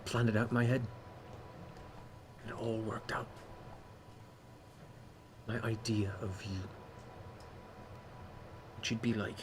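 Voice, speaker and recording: A man's voice: fairly low pitch, level tone, takes it slowly, pauses often, background noise. A man voicing a bitter, sardonic young woman bard in a tabletop role-play, talking dry and cutting.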